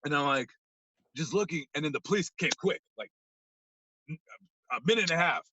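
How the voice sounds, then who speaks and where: A man, a podcast guest, animatedly telling a story, acting out scenes and swinging from hushed to loud. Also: a little high, animated, brisk, muffled recording, slight background noise.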